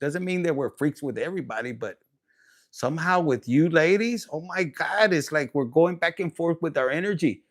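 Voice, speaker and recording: A man's voice: fairly high pitch, expressive, normal speed. Crude, playful man chatting on a livestream. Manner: crude, playful, laughing, mixing in Spanish words. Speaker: tarot livestream host. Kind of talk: casual livestream chat.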